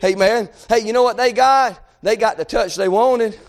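A man preaching a sermon with fervent delivery, moving between shouted exhortation and hushed scripture reading. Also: sits high, normal speed.

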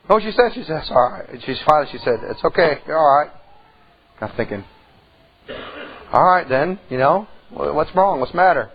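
A man's voice: a little high, lively intonation, brisk, slightly rough, lo-fi sound. A middle-aged man preaching a sermon in church, telling a folksy story and rising into emphatic calls to the congregation.

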